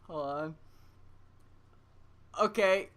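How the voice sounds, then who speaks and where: A co-host talking loosely on a podcast, backtracking while trying to recall old TV episodes. The voice is mid-pitched with a bright edge. Swearing and laughter come easily. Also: extremely slow. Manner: rambling, laughs along, swears casually. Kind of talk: casual chat.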